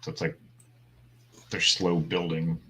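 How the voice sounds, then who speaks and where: A man's voice: sits low, flat delivery, takes it slowly, pushed and bright, rough recording. A man in his thirties in casual chat as a co-host, laid-back and rambling, with dry sarcasm. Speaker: podcast co-host.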